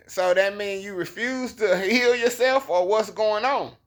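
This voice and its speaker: High-voiced man preaching casually. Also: unhurried. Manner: conversational, slangy, emphatic storytelling. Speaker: bible teacher.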